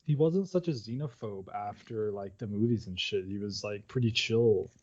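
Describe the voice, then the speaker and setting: A man's voice: on the low side, moderate pace, darkish tone. A man co-hosting a casual show, chatting loosely and swearing, recorded on a somewhat dull mic. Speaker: co-host.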